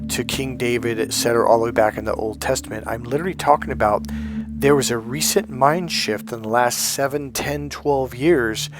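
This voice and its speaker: A man's voice: mid-range voice, normal speed, background noise. A man giving a blunt, emphatic motivational monologue as a life coach, often acting out the voices he quotes.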